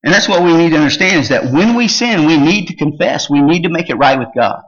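A man's voice: on the high side, animated, fast talker, fairly bright tone, highs cut off. A man preaching a sermon, reading old-style Bible verses and explaining them in plain words, with frequent "uh" fillers. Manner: reads the old-style verses aloud, then restates them in plain talk. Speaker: pastor.

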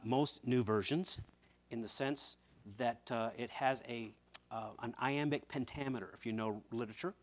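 A male preacher delivering a fervent sermon. He drops to a hushed, low voice and then climbs into loud, emphatic passages, and he doubles up words when he leans on a point.

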